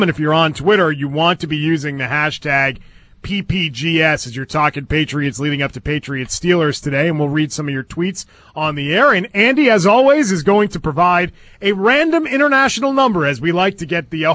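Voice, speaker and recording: A man's voice: on the high side, fairly bright tone, no room sound. A man co-hosting a sports radio show, giving blunt opinions in studio chat. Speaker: radio co-host. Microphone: studio microphone.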